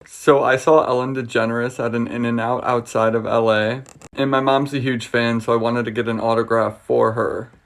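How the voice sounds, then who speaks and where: A man hosting the video and telling a short story in a deadpan way. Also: mid-range voice, normal speed, gravelly. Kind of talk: casual storytelling.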